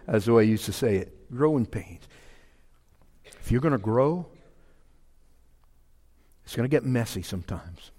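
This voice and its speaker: A man's voice: medium pitch, unhurried, long pauses, dark tone, big-room sound. A man preaching a sermon in a folksy, emphatic way, repeating his key phrases. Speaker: pastor.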